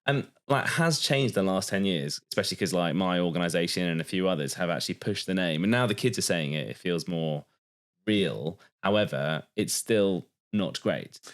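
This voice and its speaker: A man's voice: sits low, lively intonation, moderate pace. An English man co-hosting a podcast, chatting casually and telling stories with an easy laugh. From United Kingdom. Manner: chatty, storytelling, laughs easily. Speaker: podcast co-host. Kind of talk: casual chat.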